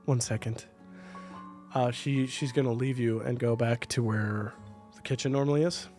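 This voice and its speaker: A man's voice: medium pitch, fairly even intonation, moderate pace, a little mellow, faint music behind. A man narrating a tabletop game as game master, in a loose, hesitant style.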